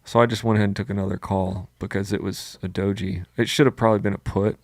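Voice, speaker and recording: A man's voice: on the low side, flat delivery, quick pace, no echo, studio quality. A man chatting casually on a live show, thinking aloud and hesitating, often saying "dude". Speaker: co-host trading live. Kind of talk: casual live-stream chat.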